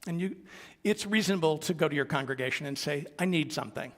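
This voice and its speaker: A fairly high-pitched, slightly bright male voice speaks quickly as a minister preaching a sermon, earnest and conversational with small asides. He is in a congregation's sanctuary, and the recording carries the long reverb of a worship hall.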